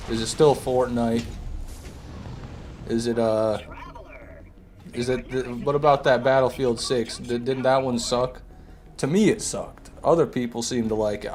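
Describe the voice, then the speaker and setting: A man's voice: mid-range voice, a little mellow, a little hiss or hum. A man streaming a game live, chatting casually with viewers and answering their comments, sometimes with sarcastic jabs.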